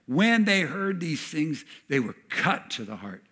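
A man delivers a sermon with a slightly higher-than-usual voice. He preaches in an animated way and acts out the speakers he quotes as he goes. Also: a little slow, breathy edge. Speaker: pastor.

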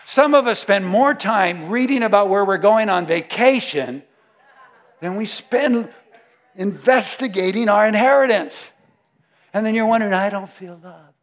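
A man preaching a sermon, emphatic, moving between loud declarations and hushed prayer. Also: sits high, measured pace.

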